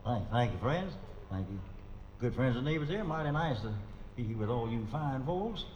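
A man doing an impression of a genial older country crooner, with folksy, mellow stage patter. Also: medium pitch, expressive, moderate pace, muffled recording, lightly acted. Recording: echoey live hall with crowd noise.

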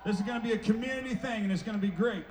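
A man fronting a band on an outdoor festival stage, talking to the crowd between songs like a showman, loud and playful. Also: high-pitched, rapid-fire, a little hiss or hum. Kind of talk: stage banter at a live concert. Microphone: stage microphone through a PA. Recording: echoey live festival PA sound.

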